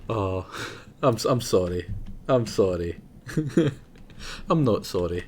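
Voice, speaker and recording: A man's voice: on the low side, expressive, takes it slowly, a little mellow, breathy edge. A young man rambling casually through live gameplay commentary, chatting to himself and laughing often. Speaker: game streamer.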